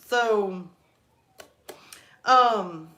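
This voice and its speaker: A young woman chatting on her live stream, telling stories with quick laughs. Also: medium pitch, sharp tone, slight background noise. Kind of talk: casual live stream chat.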